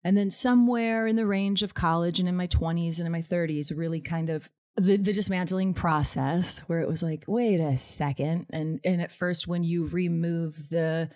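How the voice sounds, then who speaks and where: A woman with a low voice talks through her thoughts in a relaxed conversation. She is reflective and a little self-mocking, and often breaks into laughter. The sound is dry and close. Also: normal speed, hardly any pauses, dry recording. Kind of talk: casual conversation. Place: Los Angeles area.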